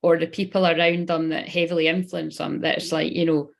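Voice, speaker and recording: A woman in her thirties with a slightly low voice runs a live-streamed card reading. She rambles from thought to thought and swears casually. She keeps turning to talk straight to her viewers. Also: level tone, fairly quick, gravelly. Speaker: spiritual reader.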